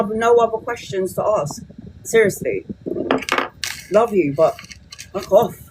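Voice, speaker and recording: A woman's voice: on the high side, noisy background. A woman in her forties, a tarot reader talking casually and bluntly on a live stream from her phone, swearing freely. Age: 40s. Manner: blunt and sweary, quick to vent.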